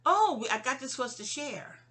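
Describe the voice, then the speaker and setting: Woman voices a snippy, sharp-tongued aunt in a told story: high, clipped and bright, her lines insistent and full of attitude. She leaps far up in pitch and drags out single words. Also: big pitch swings, brisk, heavily acted.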